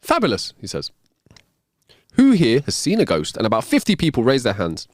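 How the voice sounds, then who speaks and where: A man's voice: medium pitch, huge pitch swings, normal speed, a little mellow, dry recording, clean studio sound. A man voicing a showy stage speaker who questions his audience about ghosts, in a grand announcing tone.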